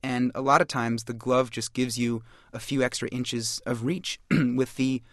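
A man's voice: medium pitch, steady tone, a little slow, a bit bright, dry recording, clean studio sound. Eager man explaining with enthusiasm. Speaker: studio guest, baseball collector. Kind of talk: interview talk.

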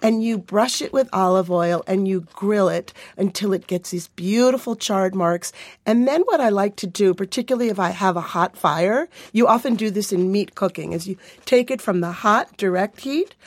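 A woman walks through her recipes in an explanatory way, naming ingredients one after another. Her voice sits at a middle pitch. The sound is dry and close. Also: normal speed, dry recording. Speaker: guest cook. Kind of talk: cooking segment chat.

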